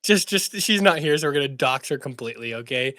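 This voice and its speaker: A man's voice: mid-range voice, expressive, fast talker, crowd noise. A man hosting a casual podcast, joking and rambling as he talks. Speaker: podcast host.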